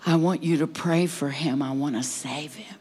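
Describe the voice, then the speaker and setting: A woman voicing the Lord as a calm, stern, fatherly male voice, speaking low and firm. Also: normal speed, breathy edge.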